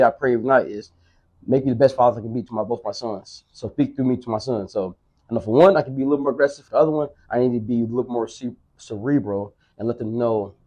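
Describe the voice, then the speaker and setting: A man's voice: mid-range voice, mellow, highs cut off. A man in his thirties chatting casually on a podcast, rambling and repeating himself, with plenty of swearing. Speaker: podcast co-host. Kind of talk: casual chat.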